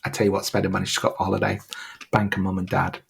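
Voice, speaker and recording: A man in his thirties co-hosting a podcast in casual chat, playful and animated, slipping into silly voices for laughs. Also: sits low, racing, vocal fry, slightly rough. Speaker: podcast co-host.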